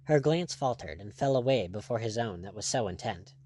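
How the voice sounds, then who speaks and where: Brief: male audiobook reader, lively pitch, measured delivery. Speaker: audiobook narrator. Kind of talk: scripted narration.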